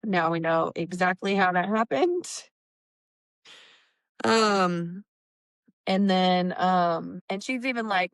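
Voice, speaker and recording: A woman's voice: lowish voice, slow, long pauses, clear, resonant tone, dry recording. A woman hosting a book discussion podcast, casually recapping chapters and acting out characters' lines with swearing. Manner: animated recapping, acts out quotes, swears. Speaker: book club podcast host.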